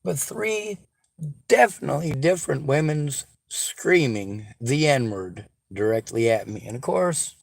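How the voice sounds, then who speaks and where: A man's voice: medium pitch, lively intonation, measured pace, vocal fry, no room sound, studio quality. A man delivering a sarcastic, profanity-laced rant straight to his audience. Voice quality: sarcastic, combative. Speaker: vlogger. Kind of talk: angry profane rant to camera.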